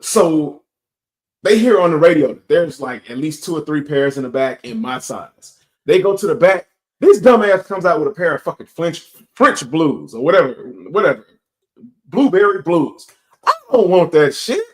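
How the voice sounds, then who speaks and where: A young man, telling a profane, animated story as a sneaker channel host and acting out both sides of an argument. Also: a little high, moderate pace. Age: young adult. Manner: profane, animated storytelling with quoted back-and-forth. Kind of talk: casual storytime rant.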